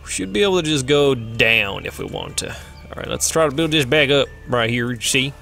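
Man, game commentary, excitable, self-mocking, bright tone, faint music behind. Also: medium pitch, moderate pace, creaky. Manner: excitable, self-mocking, swears when frustrated. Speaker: let's play host. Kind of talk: casual gameplay commentary.

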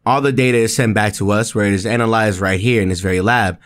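A man's voice: fast, lightly acted. A man reading out a friendly game lab worker. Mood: explaining. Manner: reads the on-screen lines aloud in a lower, flatter voice. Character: friendly lab worker who explains the gear.

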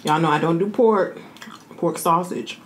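A relaxed woman with a drawl talks to her viewers between bites, chatty and easygoing. Her voice sits a little low. Faint room ambience hums behind her close mic. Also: unhurried, a little hiss or hum. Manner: chatty, addresses viewers as y'all. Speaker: mukbang vlogger. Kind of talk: casual eating vlog chat.

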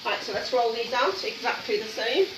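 This cooking show host talks at a normal speed in a fairly high voice, keeping up friendly, encouraging chatter while she cooks at home. The kitchen echoes, the mic sits at a distance, and background noise is audible.

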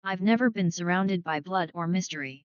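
A woman voicing a brisk, indignant middle-aged wife in a dry, dull recording. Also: on the low side, smooth, no room sound, lightly acted.

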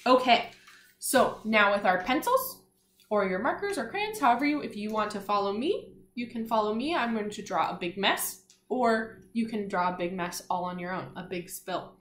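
A woman's voice: mid-range voice, expressive, moderate pace, a bit bright, roomy sound. A woman giving a patient, encouraging lesson to young children, sounding out letters and praising answers. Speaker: kindergarten teacher. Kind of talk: slow, clear classroom instruction to young children.

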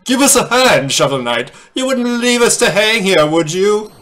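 A shrill, pleading little captive calls out in a pinched, high squeak, put on by a man. The voice sits far above a normal speaking pitch. It is bright and sharp at the edges. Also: lively intonation, moderate pace. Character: small captive figure pleading for rescue.

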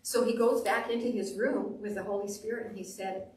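A woman pastor preaching a sermon, telling stories with animated delivery and acting out quotes. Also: mid-range voice, brisk, distant mic. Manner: animated storytelling, acts out quotes. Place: church sanctuary. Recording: echoey room, voice off the mic.

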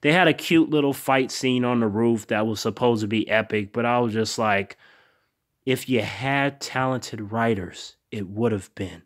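Guy chatting about a tv episode, swears a lot, laughs at it, mid pitch. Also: normal speed. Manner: profane, laid-back, laughs a lot, acts out characters' lines. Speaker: TV show reviewer and channel host. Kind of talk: casual vlog review chat.

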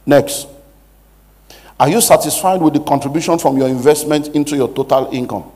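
A man's voice: fairly high pitch, normal speed, darkish tone. A man who is a pastor, giving a preaching-style money lecture with emphatic rhetorical questions. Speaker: pastor teaching a money seminar.

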